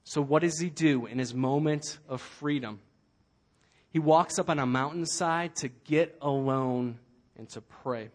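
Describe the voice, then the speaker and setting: Earnest man preaching with slow emphasis. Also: a little high. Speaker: pastor. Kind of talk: sermon.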